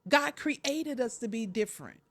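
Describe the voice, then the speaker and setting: A woman's voice: fairly high pitch, normal speed, no room sound. A Southern-accented woman in her forties hosting a faith-based motivational talk, talking straight to her listeners and keeps breaking in with "listen". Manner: animated, preachy, talks straight to listeners with lots of "listen, y'all". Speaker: podcast host and life coach.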